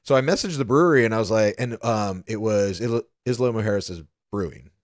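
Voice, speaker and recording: A young man from the American South with a lowish voice chats on a podcast, swearing freely as he tells a story. The sound is dry and close, with no room around it. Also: a little fast, no echo. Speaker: podcast co-host. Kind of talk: casual chat.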